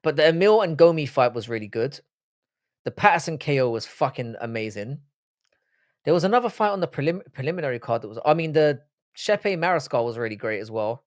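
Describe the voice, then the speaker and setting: A man's voice: a little high, lively intonation, fairly quick, no echo, clean studio sound. A young man hosting a live-stream panel, talking in casual, blunt and profane banter. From United Kingdom. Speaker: livestream panel host.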